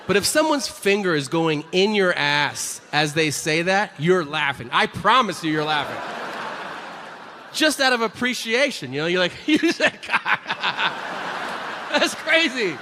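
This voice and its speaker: A man's voice: sits high, animated, moderate pace. A male stand-up comedian telling a story on stage, acting out quotes and laughing through his punchlines. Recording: live stage recording with loud ambient noise.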